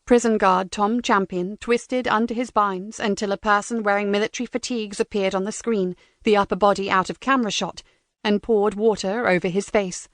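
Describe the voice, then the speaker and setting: A woman narrating a crime thriller audiobook in a measured, tense way. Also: medium pitch, fairly bright tone, no room sound, studio quality. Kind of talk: scripted narration.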